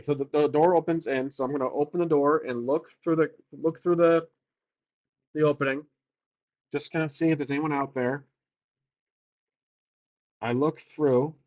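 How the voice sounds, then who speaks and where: A man's voice: on the high side, a little mellow, highs cut off. A man narrating his solo tabletop game, casually thinking aloud and rolling odds for each choice.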